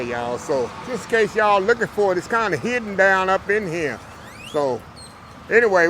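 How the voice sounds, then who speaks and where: A food vlogger hosts a casual chat with viewers, calling them y'all, first from a car in the rain and then from a small diner. His voice is on the high side and fairly bright, picked up by a lapel mic over noisy road and diner background.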